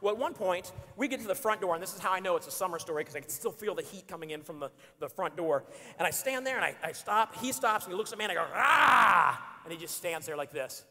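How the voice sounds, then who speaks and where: A man in his forties telling an animated, joking story to a church congregation. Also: fairly high pitch. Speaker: speaker. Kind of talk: storytelling sermon. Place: church auditorium. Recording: long hall reverb in a church.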